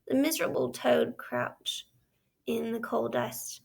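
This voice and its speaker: A woman teacher reading a story aloud in a measured storytelling way and asking the listener questions about it. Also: fairly high pitch, little pitch movement, creaky. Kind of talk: read-aloud lesson narration.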